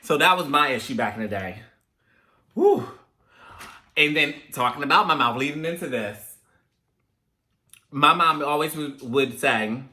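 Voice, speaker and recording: Chatty young man with a bright voice. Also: medium pitch, normal speed. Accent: African American English. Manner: chatty, animated when telling parent stories. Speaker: host. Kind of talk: casual chat, storytelling to viewers.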